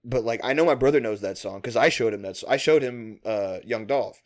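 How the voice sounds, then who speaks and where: A man's voice: mid-range voice, fairly quick. A man in casual chat, telling long rambling stories full of swearing and frequent laughter.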